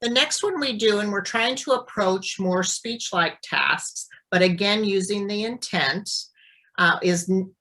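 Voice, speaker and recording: A woman speech therapist explaining and demonstrating voice exercises in a clear, deliberate teaching manner. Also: on the low side, pushed and bright, low-quality recording. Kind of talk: instructional demonstration.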